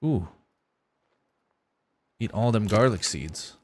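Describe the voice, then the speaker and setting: A man's voice: fairly low pitch, lively intonation, takes it slowly, darkish tone, a little hiss or hum. Laid-back male game streamer. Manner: casual, rambling, talks to chat while playing. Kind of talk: live gameplay commentary.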